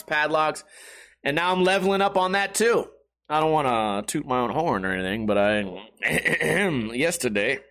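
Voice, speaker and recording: A man's voice: a little high, fairly bright tone. A young man chatting casually to his viewers, laid-back and jokey, swearing often and calling people dude. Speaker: YouTuber. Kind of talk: casual rambling chat to viewers.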